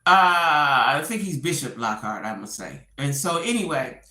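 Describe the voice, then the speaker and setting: This woman's voice is low and her pace measured, with a roomy sound around it. Retelling a bit of gossip in a casual way, she brings the story to life by performing the quotes.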